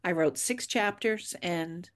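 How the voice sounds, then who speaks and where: Woman, author, casual chat, lively storyteller, quotes people in voices. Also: lowish voice, slow. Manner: chatty storyteller acting out quoted dialogue. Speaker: author guest.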